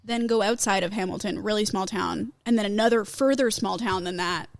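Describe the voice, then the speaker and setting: A woman working as a news reporter, chatting as a podcast guest in an animated way, filling her speech with "like". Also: medium pitch, a little fast, gravelly. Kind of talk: casual chat.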